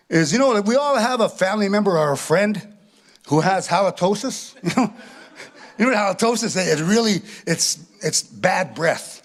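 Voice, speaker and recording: Man, middle-aged, stand-up comedy set, high pitch, swoopy lively delivery, self-mocking, "eh" tags. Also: moderate pace. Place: live stage before an audience.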